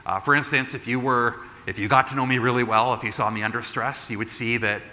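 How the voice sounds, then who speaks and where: A man, a pastor, giving a conversational sermon, animated as he retells a story, with frequent asides like "right?". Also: mid-range voice, fast talker, long reverb tail. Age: adult.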